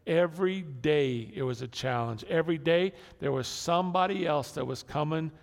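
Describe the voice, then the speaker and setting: A man's voice: on the high side, normal speed, gravelly. A man preaching a conversational sermon to his congregation, repeating key words and restarting phrases as he goes. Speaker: pastor. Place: church sanctuary. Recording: long hall reverb.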